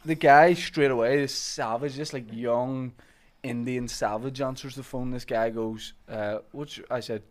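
A man, a comedian telling a story in a casual chat with a deadpan delivery. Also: medium pitch, unhurried, few pauses.

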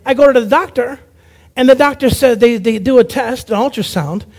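Brief: man with a very high voice, preacher giving a lively testimony, acts out the voices in his story. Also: brisk. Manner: animated storyteller who acts out quoted voices. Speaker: preacher and evangelist. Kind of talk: personal testimony sermon.

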